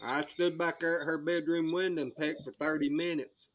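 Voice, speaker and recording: A man's voice: on the high side, steady tone, moderate pace. A man, teasing family members in casual chat and telling stories. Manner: dry teasing storyteller.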